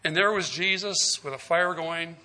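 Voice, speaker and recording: Bright-voiced man preaching a sermon. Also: a little high, normal speed. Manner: storytelling, acting out the dialogue of the scripture figures; asks the listeners direct questions.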